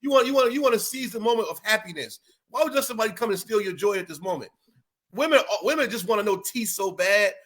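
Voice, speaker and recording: A man, co-hosting a podcast, ranting loudly and profanely and mimicking other people mid-story. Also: high-pitched, quick pace. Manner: profane, animated, mimics voices mid-rant. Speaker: podcast co-host. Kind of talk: loud comedic rant.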